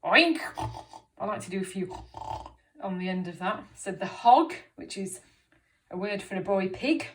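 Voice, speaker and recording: A woman teaching a reading lesson to young children, encouraging and clear, making animal noises along the way. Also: mid-range voice, moderate pace, a little mellow. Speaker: primary school teacher.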